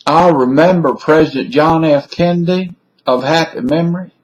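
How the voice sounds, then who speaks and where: A man voicing a folksy Southern man with a Southern American accent, drawling and relaxed as he retells an old quote on a webcam mic. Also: fairly high pitch, moderate pace, lightly acted, rough recording. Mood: easygoing.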